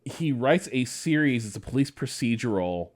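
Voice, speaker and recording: A man's voice: medium pitch, lively intonation, normal speed. A man co-hosting a podcast, chatting casually in a rambling, curious way. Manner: curious, rambling, full of fillers. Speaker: podcast co-host. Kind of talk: casual chat.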